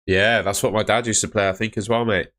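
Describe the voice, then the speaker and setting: A man's voice: lowish voice, steady tone, brisk, fairly bright tone. A young man chatting casually on a live stream, answering viewers' comments about fantasy football. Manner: chatty, reads out chat comments.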